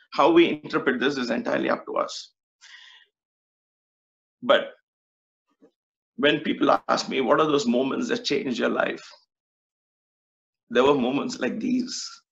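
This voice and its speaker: A man's voice: mid-range voice, measured pace, gravelly, pauses often, fairly bright tone. A man telling a spiritual story in an earnest, musing way, repeating words for emphasis. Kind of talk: reflective storytelling talk. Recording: dull lo-fi recording.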